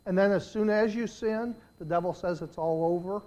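A preacher delivering an impassioned sermon, moving from hushed, pleading lines to loud, shouted appeals and voicing prayers aloud in the first person. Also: medium pitch, moderate pace, hardly any pauses, muffled recording.

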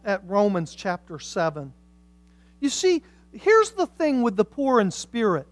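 A woman preaching a sermon with passion, swinging from hushed lines to loud, emphatic ones. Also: mid-range voice, expressive, unhurried, dry recording.

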